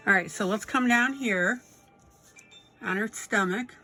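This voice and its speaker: Woman instructor, mid pitch, chatty tutorial delivery, soft music underneath. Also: unhurried. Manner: encouraging, checks in with frequent "okay?" and "right?". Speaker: coloring instructor. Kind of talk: step-by-step coloring tutorial.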